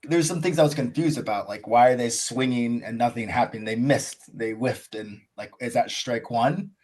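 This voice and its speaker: A man's voice: medium pitch, normal speed, darkish tone. An American man talking as a podcast guest, telling his story in a casual, enthusiastic, rambling way, full of "like" and "you know". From USA.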